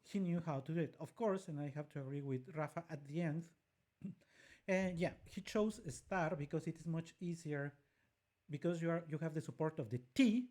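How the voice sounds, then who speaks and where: A woman with a low, mellow voice, speaking at normal speed, analyzes a singer's phrasing. As co-host and vocal coach, she offers explanatory music commentary, demonstrating her points by singing phrases herself.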